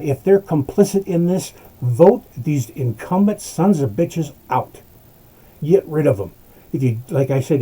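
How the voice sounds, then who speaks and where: A man's voice: medium pitch, warm tone, rough recording. A man hosting a political talk show, ranting in a fired-up way and swearing as he urges listeners to act. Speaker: host.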